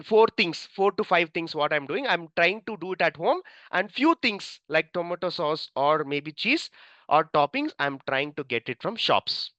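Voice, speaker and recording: A male trainer lectures his class, his pitch rising and falling a lot as he explains. He often repeats phrases and asks the class questions. The recording is dull and lo-fi, with a close, dry sound. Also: bright, forceful tone, dry recording. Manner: repetitive, storytelling, quizzes the class. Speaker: cloud computing trainer.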